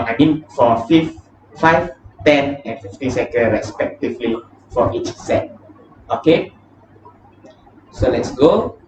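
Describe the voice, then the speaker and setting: A man leading a vocal warm-up lesson, counting down breathing sets and explaining each step in a casual, plain way. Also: medium pitch. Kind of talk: guided breathing exercise lesson. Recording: echoey room, distant mic, dull and noisy.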